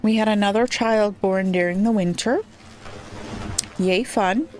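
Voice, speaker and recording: Slow-talking woman streaming a game. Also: medium pitch, a little mellow. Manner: slow, thinking aloud, many ums. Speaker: gameplay streamer. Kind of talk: casual let's-play commentary.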